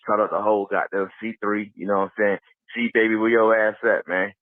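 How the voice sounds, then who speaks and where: Deep-voiced male caller, profane and rambling, tinny phone line. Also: little pitch movement, fairly quick, no room sound. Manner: profane, rambling, fillers of "you know". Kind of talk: call-in rant.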